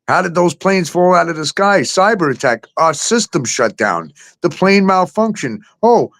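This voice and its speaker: A middle-aged man hosting a talk show, ranting with heavy profanity, sarcasm and disbelief. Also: high-pitched.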